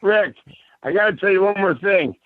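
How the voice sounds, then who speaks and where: Middle-aged male guest with a high voice, eagerly cutting in to tell a story, on tinny, phone-like audio. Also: moderate pace, no echo. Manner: eager, repeats himself. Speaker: podcast guest. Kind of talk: casual storytelling.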